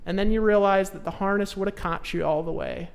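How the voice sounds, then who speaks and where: Gravelly man giving a motivational sales pitch. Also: steady tone, a little fast, long reverb tail. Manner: pushy, swings from hushed to loud exhortation; repeats short commands. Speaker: sales trainer. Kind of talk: motivational seminar speech.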